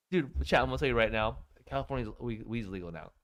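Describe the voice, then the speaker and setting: Male co-host, 30s, medium pitch, casual livestream chat, animated, laughs a lot, swears freely. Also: fast, few pauses.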